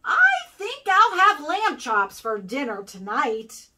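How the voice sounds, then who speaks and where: A woman's voice: sits high, sing-song, slow pace, a bit bright, full character voice. A woman voicing a sly, hungry male wolf from a children's storybook, gloating in a sing-song way. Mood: gleeful.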